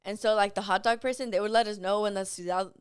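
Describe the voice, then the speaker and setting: A woman guest on a casual podcast, telling a long story and leaning on "like" as she rambles. Her voice is smooth and clear, recorded dry and close in a studio. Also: medium pitch, fairly even intonation, quick pace, dry recording. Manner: rambling, heavy use of "like".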